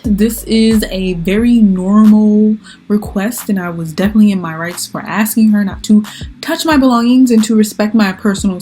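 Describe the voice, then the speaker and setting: A young woman tells a story straight to camera in an animated, exasperated way, voicing each quoted line as she goes. Her pitch sits in an ordinary middle range. Faint music plays underneath. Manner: animated retelling, exasperated, acts out quoted lines. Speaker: vlogger.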